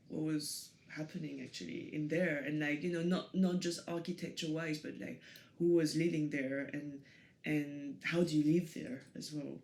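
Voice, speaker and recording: A woman's voice: lowish voice, darkish tone. Hesitant French woman, chatty interview guest. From France, Paris suburbs. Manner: hesitant, many fillers and restarts, laughs easily. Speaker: guest photographer. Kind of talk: casual interview talk.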